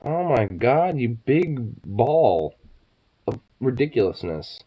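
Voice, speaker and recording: A man's voice: mid-range voice, sing-song, slow, breathy edge, highs cut off. A young man chatting late at night to his pets, stoned and sleepy, cooing baby talk, swearing, laughing often. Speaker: vlogger.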